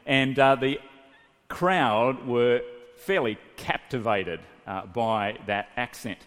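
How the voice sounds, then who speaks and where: A man in his late thirties from New South Wales with an Australian accent, preaching a sermon as animated storytelling. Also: mid-range voice, slow. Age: late 30s. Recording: reverberant hall.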